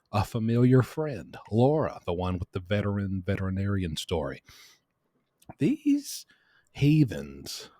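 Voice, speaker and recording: A man hosting a podcast, telling a story casually in a rambling, animated way and correcting himself as he goes. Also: on the low side, no room sound, studio quality. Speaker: podcast host.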